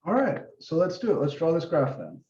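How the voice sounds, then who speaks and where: This male math teacher has a slightly high, darkish voice with huge pitch swings and a brisk pace. During a casual office-hour lesson he talks through each step as he draws, now and then swearing mildly. The audio is roomy, dull and lo-fi.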